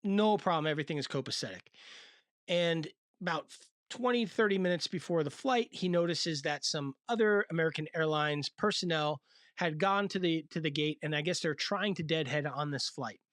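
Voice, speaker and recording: A man's voice: fairly high pitch, normal speed, fairly bright tone, no echo, clean studio sound. A male host giving casual, slangy commentary in a chatty, hyped-up manner.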